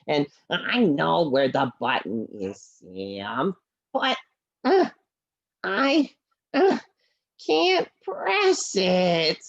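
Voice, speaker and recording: A woman's voice: lowish voice, big pitch swings, gravelly, no echo, lo-fi sound, full character voice. A woman voicing a frustrated male hoofed puppet with floppy felt hooves, whiny and sighing. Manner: whiny, sighing, slow and mopey. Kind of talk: puppet play acting. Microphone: laptop video call.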